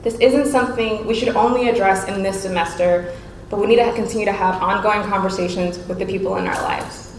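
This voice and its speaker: A woman giving an earnest, measured talk to an audience as a panel speaker. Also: medium pitch, steady tone. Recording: echoey room with faint noise.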